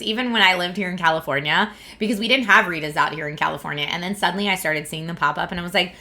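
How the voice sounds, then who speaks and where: Woman, thirties, bright tone, casual stream chat, animated. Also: on the low side, quick pace, few pauses. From Philadelphia area, USA. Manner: chatty, animated, laughs often. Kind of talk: casual chat reading viewer comments. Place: home streaming setup in California.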